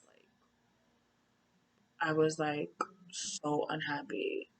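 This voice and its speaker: A woman's voice: sits low, monotone, drawn-out words, poor audio. A young woman telling her own story in a loose, conversational way, repeating her phrases. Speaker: survivor sharing her story. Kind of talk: casual personal storytelling.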